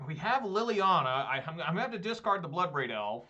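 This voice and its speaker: A man's voice: a little high, big pitch swings, fairly quick, few pauses, sharp tone, dull audio. A man giving casual gameplay commentary as he plays, talking to himself and swearing often. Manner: swears often, talks to himself while playing. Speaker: gameplay streamer.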